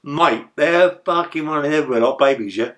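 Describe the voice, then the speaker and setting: An older man, telling rough stories in a rambling, profane way as an interview guest. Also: fairly high pitch, brisk, a bit bright. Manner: rambling, profane, tag questions like "yeah?". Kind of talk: storytelling in a casual interview.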